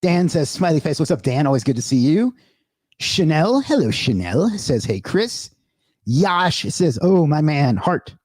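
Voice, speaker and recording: Male livestream host, fairly high voice, upbeat, reads chat and thanks viewers, dry close sound, slightly winded. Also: a little mellow, no room sound. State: out of breath. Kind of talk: livestream Q&A, reading chat aloud.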